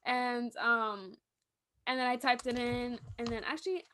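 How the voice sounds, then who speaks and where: A young woman co-hosting a podcast, chatting casually and telling animated stories with laughter. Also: a little high, a little slow, a little hiss or hum. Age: young adult. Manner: animated storytelling, acts out voices, laughs often. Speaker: podcast co-host. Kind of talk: casual chat.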